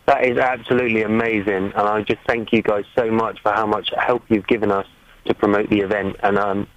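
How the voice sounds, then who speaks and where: A man's voice: lowish voice, flat delivery, fairly quick, no room sound, highs cut off. A man calling in to a radio phone-in as an event organiser, earnest and grateful, with some hesitant fillers.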